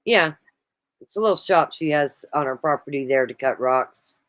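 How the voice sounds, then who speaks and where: An American woman with a fairly low voice hosts a casual live stream, joking with her guest and passing along messages from chat. Her voice sounds close and dry, with no room echo. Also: lively intonation, normal speed, fairly bright tone. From United States. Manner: playful, reads chat messages aloud.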